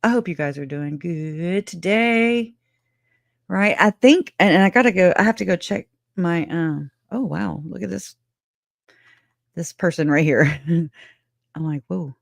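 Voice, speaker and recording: A woman hosting a casual true crime livestream, speaking bluntly and emotionally and laughing often. Her voice sits a little low. It is recorded close and dry, with no room echo. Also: unhurried, creaky, long pauses.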